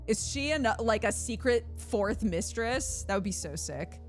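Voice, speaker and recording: A woman streaming a video game, reading the dialogue aloud and reacting in an expressive, exasperated way. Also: a little high, measured pace, soft background music. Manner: animated and expressive, swings to loud exasperation. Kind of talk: live gameplay commentary, reading dialogue aloud.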